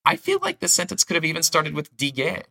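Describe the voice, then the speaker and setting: Bright-voiced man explaining with zeal. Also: fairly high pitch, huge pitch swings, fast talker, gravelly. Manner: enthusiastic, thinks aloud with many restarts. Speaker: language teacher. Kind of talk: casual explanatory teaching chat.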